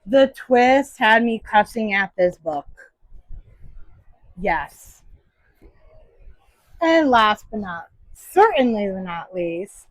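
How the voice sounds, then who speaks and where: A woman's voice: a little high, dry recording, low-quality recording. A woman book vlogger casually reviewing her monthly reads, enthusiastic and emphatic.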